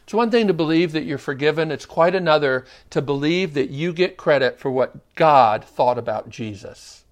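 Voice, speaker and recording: Earnest high-voiced male preacher. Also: expressive, normal speed. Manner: earnest preaching, swings between loud emphasis and hushed intensity. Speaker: pastor. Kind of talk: sermon.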